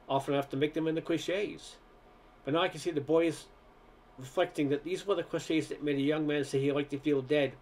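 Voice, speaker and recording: A man reading a short story aloud, narration and dialogue in one voice, stumbling and restarting on some words. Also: fairly high pitch. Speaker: amateur reader.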